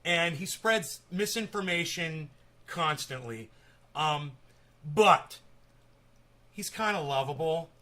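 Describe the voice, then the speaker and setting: A man's voice: on the high side, animated, slow, pauses often, bright, forceful tone. A man hosting a casual live-stream interview, talking in a chatty, rambling, opinionated way.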